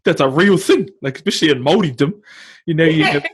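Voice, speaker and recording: Husky laid-back New Zealand man. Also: a little high. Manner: laid-back slang-heavy banter, quick to laugh. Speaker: podcast host. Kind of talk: casual chat.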